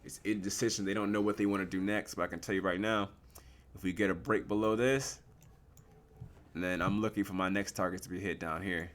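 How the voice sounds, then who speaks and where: A young man giving casual live commentary on his forex trades, slangy and relaxed, asking and answering his own questions. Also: deep voice, fairly quick, a little hiss or hum.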